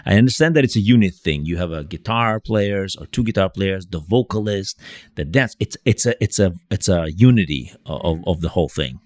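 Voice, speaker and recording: A man's voice: fairly low pitch, darkish tone, no echo, studio quality. A man hosting a podcast interview, asking rambling questions full of restarts and fillers. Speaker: podcast host.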